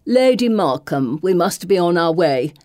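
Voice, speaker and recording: A woman's voice: fairly low pitch, lively intonation, a little mellow, dry recording, clean studio sound. A woman doing a pompous, drawling young lady. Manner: slow, pompous.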